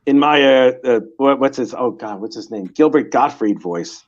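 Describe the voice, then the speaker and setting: A man chatting casually as a guest on a live stream, animated and self-mocking. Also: mid-range voice, normal speed, lo-fi sound. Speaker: guest artist.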